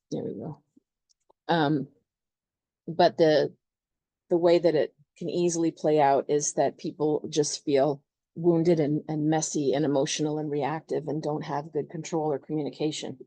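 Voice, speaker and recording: Brief: lower-pitched woman astrologer, chatty and loose, dry close sound. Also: steady tone, moderate pace, creaky, mellow, no echo. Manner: chatty, loose, filler-heavy. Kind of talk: casual astrology explanation.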